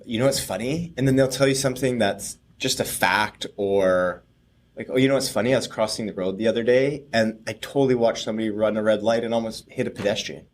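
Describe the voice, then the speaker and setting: A man co-hosting a podcast, telling a rambling story with frequent laughs and trailing off. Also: medium pitch. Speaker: podcast co-host. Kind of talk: casual chat, storytelling.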